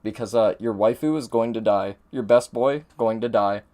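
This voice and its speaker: A man's voice: lowish voice, normal speed, mellow. A man giving casual gameplay commentary as a streamer, chatty and swearing a lot.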